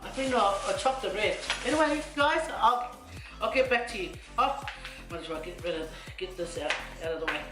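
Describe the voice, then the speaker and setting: Cooking at home, a middle-aged vlogger from Samoa tells a casual, wandering story and laughs through her asides. She speaks at a moderate pace in a mid-range voice with lively intonation, and the kitchen recording is echoey with faint music.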